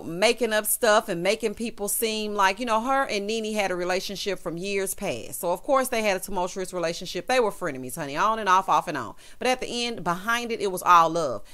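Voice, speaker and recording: Sassy Southern woman dishing on reality TV. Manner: sassy, dramatic, keeps saying honey and child; swings between loud outbursts and low asides. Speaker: reality TV recap vlogger. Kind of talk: casual recap commentary.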